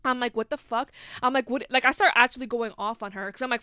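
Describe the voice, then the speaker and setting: A woman's voice: on the high side, steady tone, brisk, few pauses, bright, forceful tone, clean tone, no echo, studio quality. A young woman hosting a podcast, telling a personal story in casual chat, full of "like" fillers and swearing. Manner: chatty, heavy on "like", swears freely. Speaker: podcast host.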